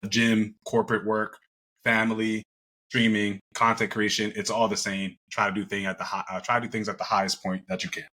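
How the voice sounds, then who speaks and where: Bright-toned man with a low voice. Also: little pitch movement, a little fast. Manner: laid-back, motivational, chatty fillers. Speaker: podcast guest. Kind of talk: casual podcast chat.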